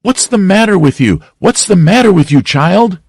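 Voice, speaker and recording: A man's voice: fairly low pitch, wildly swooping pitch, a little slow, breathy edge, no room sound, studio quality, exaggerated voice. A man reading an audiobook, voicing a stern but caring older aunt who scolds and fusses. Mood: scolding. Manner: scolding, flustered.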